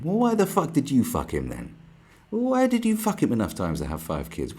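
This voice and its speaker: A man hosting a podcast, delivering a profane, animated ranting monologue and mocking other people's voices. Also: lowish voice, fairly quick, slightly rough. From United Kingdom. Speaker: podcast host.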